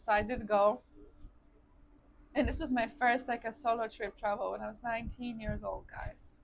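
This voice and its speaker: A woman's voice: a little high, fairly even intonation, moderate pace, gravelly, slight background noise. Chatty Polish woman telling her story. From Poland. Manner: chatty, addresses viewers as guys, frequent likes. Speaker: vlogger. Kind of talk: personal storytelling while eating. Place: indoors, seated eating on camera.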